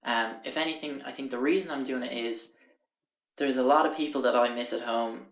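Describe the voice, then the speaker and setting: Irish man, young, casual storytelling, swears a lot, gravelly voice, roomy dull lo-fi sound. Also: medium pitch, steady tone, a little fast, a bit bright. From Ireland. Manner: rambling, swears often, acts out quotes. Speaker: podcast host.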